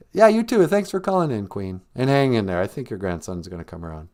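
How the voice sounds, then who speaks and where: Low, laid-back male comedy host. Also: sing-song, a little fast, darkish tone. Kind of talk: comic call-in sketch.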